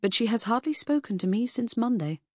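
A woman voicing a scarred, veiled woman who speaks softly and ruefully, in a period audiobook. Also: a little high, animated, brisk, slightly rough, dry recording, studio quality, pitched above the performer's own voice. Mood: troubled. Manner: soft, rueful speech.

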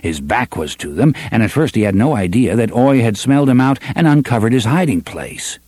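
A man narrating an audiobook in an expressive storytelling manner. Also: medium pitch, brisk, dry recording. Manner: expressive storytelling, varies pace for drama. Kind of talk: scripted narration.

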